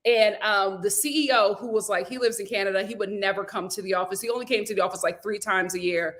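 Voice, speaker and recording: A woman's voice: medium pitch, fairly even intonation, quick pace, a bit bright. A woman hosting a casual live stream, reading viewer comments aloud and telling a story in a chatty way. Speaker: YouTube host.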